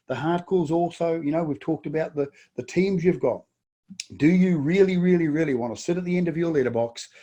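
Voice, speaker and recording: A middle-aged New Zealand business coach presents a webinar in a fairly high, warm voice with a breathy edge. He speaks emphatically, repeating words and firing off rhetorical questions.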